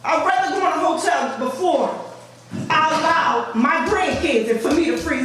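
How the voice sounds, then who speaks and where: A woman's voice: high-pitched, animated, moderate pace, fairly bright tone. An older woman, a housing resident, speaking at a board meeting's public comment, emotional and pleading, repeating herself for emphasis. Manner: impassioned, pleading, repetitive. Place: meeting room. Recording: very echoey room, distant, faint noise.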